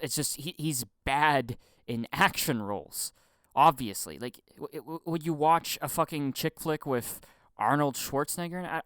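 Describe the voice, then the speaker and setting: A man's voice: mid-range voice, fairly bright tone, clean tone, no room sound, studio quality. A young man ranting casually about film acting, stammering, repeating himself, swearing often and acting out mocking impressions. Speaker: film commentary vlogger. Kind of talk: casual profane rant.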